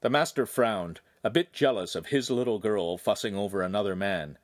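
A man reading a young adult novel aloud as its narrator, with expressive storytelling. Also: on the low side, moderate pace, no room sound, studio quality. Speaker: audiobook narrator. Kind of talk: scripted narration.

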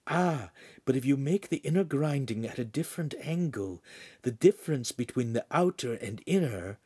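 Man doing a soft, husky, coaxing adviser. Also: mid-range voice, expressive, normal speed. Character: quiet, calm scheming male adviser.

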